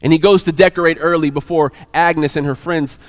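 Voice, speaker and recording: A man telling a story in a sermon, animated and often repeating words. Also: a little high, a little fast, long reverb tail.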